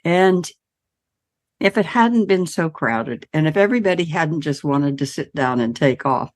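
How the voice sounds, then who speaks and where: A woman with a low voice hosts a podcast. She talks in a chatty, animated way as she shares a story. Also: a little slow. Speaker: podcast host. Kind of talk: casual interview.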